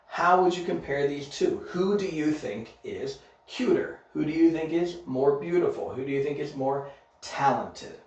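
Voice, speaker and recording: A man teaching English grammar in a recorded online lesson, speaking slowly and deliberately and checking in with "okay?" after each point. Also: fairly high pitch, darkish tone. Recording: very echoey room, distant mic, dull sound.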